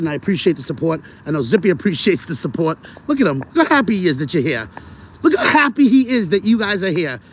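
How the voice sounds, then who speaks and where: Guy rambling on a live stream while out walking the dog, phone mic, kinda muffled, traffic faintly behind. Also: high voice. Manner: rambling, talks straight to viewers. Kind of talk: casual live stream chat. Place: outdoors on a rainy city street. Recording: dull phone audio with street noise.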